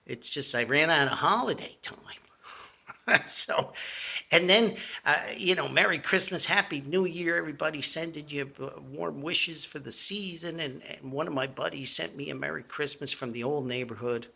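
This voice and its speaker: A man's voice: on the high side, moderate pace, gravelly, bright, forceful tone, husky. An older man from Paterson with a New Jersey accent, hosting a podcast in a rambling, chatty monologue full of asides and chuckles. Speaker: podcast host. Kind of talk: casual nostalgic monologue.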